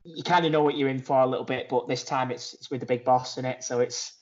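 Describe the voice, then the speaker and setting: A man's voice: medium pitch, steady tone, fast, lo-fi sound. Chatty Manchester man on a call. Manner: chatty, laughing, trailing off. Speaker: podcast co-host. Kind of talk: casual chat. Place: outdoors in a garden.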